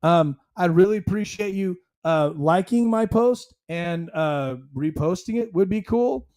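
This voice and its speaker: A man's voice: sits high, lively intonation, unhurried, darkish tone. A man hosting a solo commentary podcast, talking emphatically in a rambling, conversational way. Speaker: podcast host.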